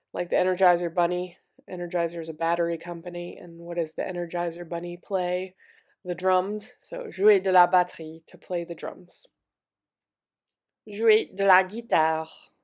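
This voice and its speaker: A woman teaching French vocabulary, repeating each word slowly and then explaining it in casual English. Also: on the low side, darkish tone. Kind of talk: vocabulary lesson.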